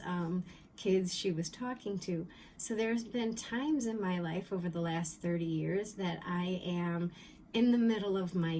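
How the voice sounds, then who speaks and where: Calm middle-aged woman teaching spirituality. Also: medium pitch, slight background noise, poor audio. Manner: calm, repetitive explaining with ums.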